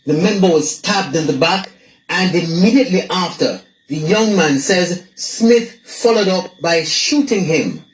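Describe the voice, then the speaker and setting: A news reporter reading a scripted report in a measured, formal way. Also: mid-range voice, expressive, echoey room, slight background noise, rough recording.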